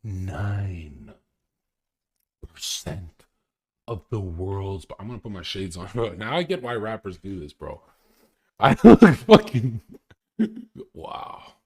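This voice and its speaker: A man's voice: fairly low pitch, big pitch swings, takes it slowly, a little mellow, slightly rough. A young man ranting casually on a live stream, crude and boastful, laughing often as he talks. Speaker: livestreamer.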